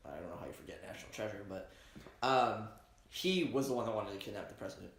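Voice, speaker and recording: A man's voice: lowish voice, lively intonation, fast talker. A man co-hosting a casual podcast, tossing in dry puns and jokes. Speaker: podcast co-host. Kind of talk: casual chat. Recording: roomy echo.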